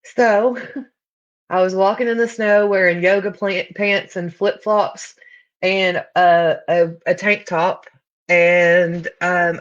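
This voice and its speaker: A woman's voice: lowish voice, dull audio. A woman giving a candid recovery testimony, blunt and full of fillers. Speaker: recovery speaker.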